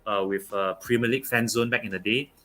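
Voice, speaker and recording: A young man from Malaysia, talking football as a guest on a casual online show, pausing often with fillers and restarts. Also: on the low side, steady tone, a bit bright, soft background music. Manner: halting, many fillers and restarts. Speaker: guest pundit.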